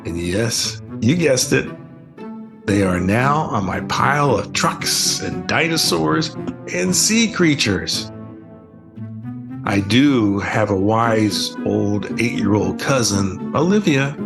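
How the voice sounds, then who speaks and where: An older man, an author, reading his children's book aloud in a playful, expressive way. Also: fairly low pitch, slow pace, creaky, music in the background. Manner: playful, expressive first-person child narration. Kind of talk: storybook reading.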